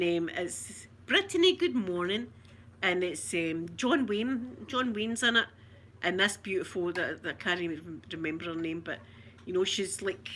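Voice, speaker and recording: A chatty Scottish woman talks casually to her viewers from a room at home. Her voice is bright and clear at an ordinary pitch. She tells stories, mimics the people in them, and laughs easily, with a faint hum of the room behind her. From Scotland. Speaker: ASMR livestream host. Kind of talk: casual chat to live viewers.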